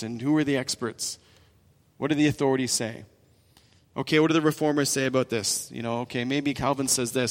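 A man's voice: on the high side, long reverb tail. A man preaching a sermon as pastor, in an earnest, repetitive way with frequent restarts.

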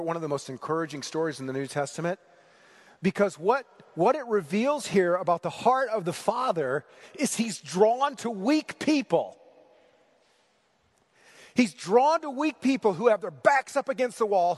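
A man preaching a sermon, asking the congregation rhetorical questions in an animated way. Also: high-pitched, in a large hall. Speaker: pastor.

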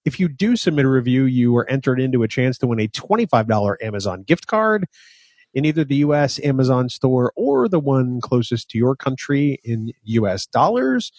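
A man co-hosting a fan podcast, measured and plain-spoken, moving between chat and sponsor notes. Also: medium pitch, big pitch swings, darkish tone, no room sound. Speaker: podcast co-host. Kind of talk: casual chat.

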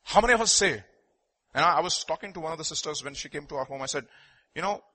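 A man preaching a sermon, reading scripture aloud and questioning his listeners, swinging between loud declarations and hushed confiding. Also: on the high side, animated, fast talker. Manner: reads scripture aloud, asks the congregation questions.

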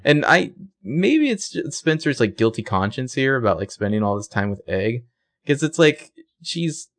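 A man's voice: medium pitch, very animated, moderate pace, a bit bright. A young man co-hosting a casual chat, retelling a TV episode by acting out the characters' lines. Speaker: podcast co-host recapping a TV show.

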